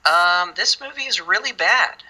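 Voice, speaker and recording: A woman co-host with a dry, sarcastic edge, teasing her partner in relaxed film talk. Her voice sits fairly low yet sounds very bright and sharp. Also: measured pace, poor audio. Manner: dry, sarcastic, self-described cynic. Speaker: podcast co-host. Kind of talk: casual comedic film chat.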